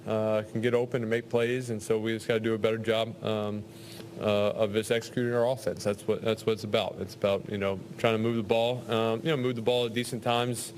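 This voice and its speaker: A football player answers reporters in a low, monotone voice. He halts and fills with um and you know, and faint ambience sits behind him. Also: a little hiss or hum. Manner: halting, filler-heavy. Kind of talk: press conference answers.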